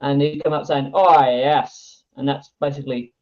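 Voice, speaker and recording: A British man, a guest in a casual chat, speaking plainly and haltingly with many ums. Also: mid-range voice, little pitch movement, warm tone. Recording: tinny phone-like line.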